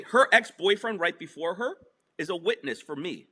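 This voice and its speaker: A man's voice: high-pitched, lively intonation, moderate pace, pushed and bright, breathy edge. A middle-aged man from New Jersey telling a story in a casual interview, emphatic and profane. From New Jersey / New York. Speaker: podcast guest.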